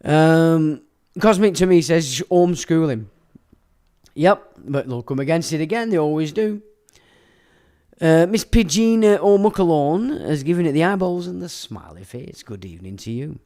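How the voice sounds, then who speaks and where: A man with a slightly high but dark-toned voice and lively intonation hosts a laid-back livestream at a moderate pace. He reads comments from viewers and rants crudely, cursing often and laughing as he speaks.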